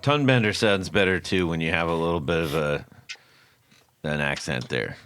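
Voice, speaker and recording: A man hosting a podcast, telling a story in a casual, animated way and laughing often. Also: deep voice, moderate pace, clean tone. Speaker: podcast host.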